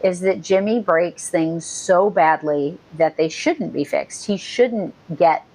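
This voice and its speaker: A woman's voice: on the low side, slow, a little mellow, rough recording. A woman co-hosting a podcast, chatting casually and animatedly about a TV episode, frank and swearing freely. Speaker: podcast co-host. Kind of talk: casual chat recapping a TV episode.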